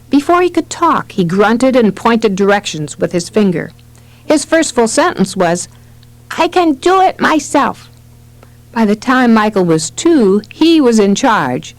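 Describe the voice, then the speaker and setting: Expressive woman narrating a parenting audiobook. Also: mid-range voice, no echo, poor audio. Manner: expressive storytelling reading. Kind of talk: scripted narration.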